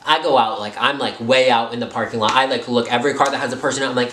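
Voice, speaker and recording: Young man, chatty storytime vlogger, mid pitch, roomy sound. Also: quick pace, a little hiss or hum. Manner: animated, filler-heavy, jumps into high voices. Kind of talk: storytime vlog.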